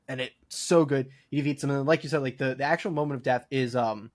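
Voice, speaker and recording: A man's voice: mid-range voice, fairly even intonation, fast talker, few pauses. A man co-hosting a podcast in casual chat, enthusiastic and full of "like" fillers. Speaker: podcast co-host.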